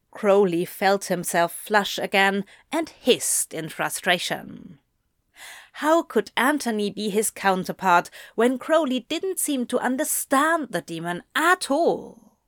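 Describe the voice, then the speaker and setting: A woman reading a story aloud at a slow, unhurried pace, in measured, even storytelling. The recording is dry and close with no room sound. Her voice sits at a middle pitch. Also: no room sound. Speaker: narrator. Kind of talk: audiobook reading of fan fiction.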